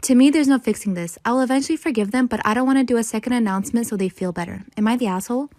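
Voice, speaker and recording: A woman reading a written forum post aloud in a steady, even way. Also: fairly high pitch, rapid-fire, dry recording, studio quality.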